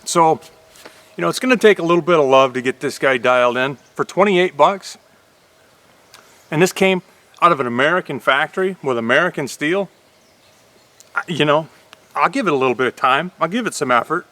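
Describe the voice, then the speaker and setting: Brief: folksy vlog host, man, slightly high voice, bright and forceful tone, plain-spoken. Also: fairly quick, long pauses, no echo. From Upper Michigan. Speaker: YouTube host reviewing an axe. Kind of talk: casual vlog talk.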